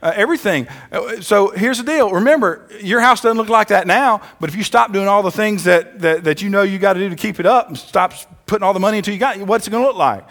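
Male pastor, sermon in church, high voice, asks the crowd for amens. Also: a bit bright. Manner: calls out for amens, slows down for emphasis.

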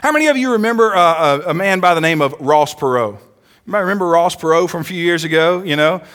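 A man preaching a sermon in church, who often calls for amens and slows down to stress his points. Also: a little high, animated, a bit bright. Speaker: pastor.

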